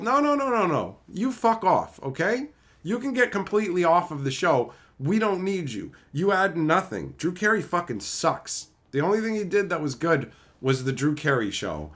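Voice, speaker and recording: A high-pitched man with a bright, cutting voice rants on a casual livestream. He talks profanely and mockingly, and his pitch jumps all over the place as he works himself up into shouting. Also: sing-song, normal speed. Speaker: streamer.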